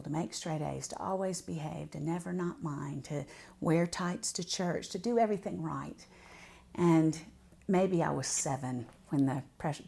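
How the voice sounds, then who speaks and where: A woman's voice: sits low, creaky, husky. A woman, telling a personal story as an author and speaker, drawing out words for emphasis. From Southern United States. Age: 40s. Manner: warm, vivid storyteller, draws words out for emphasis.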